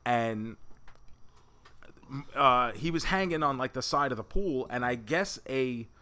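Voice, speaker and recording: Bright-voiced man telling a wry story. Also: medium pitch, animated, unhurried. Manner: laid-back, wry storytelling. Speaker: podcast co-host. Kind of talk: casual chat.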